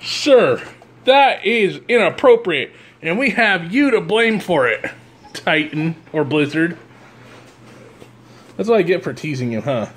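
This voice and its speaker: A man's voice: sits high, sing-song, measured pace, pauses often, fairly bright tone, husky. A man vlogging at home who talks to his dog in a teasing, playful, coaxing way. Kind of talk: casual talk to a pet. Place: home room with dogs around.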